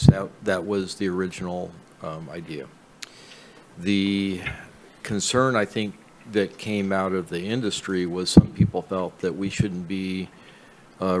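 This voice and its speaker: A man on county planning staff explaining the history of a policy at a public meeting, with frequent uhs and ums. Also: sits low. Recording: noisy meeting recording.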